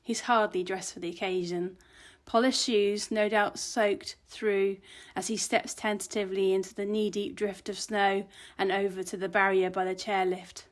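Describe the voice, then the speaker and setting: A woman narrating her own cozy mystery in the first person, steady and expressive. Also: medium pitch, moderate pace, hardly any pauses. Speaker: author reading her own story.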